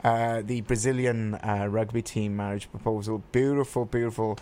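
A man's voice: fairly low pitch, fairly even intonation, moderate pace, dark tone. A man co-hosting a casual radio talk show, chatty and campy, gushing over stories and signing off the show.

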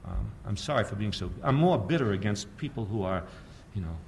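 A man giving a public history lecture, sardonic and animated, firing off rhetorical questions and often chuckling at his own points. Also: fairly low pitch, a little fast, gravelly, slight background noise.

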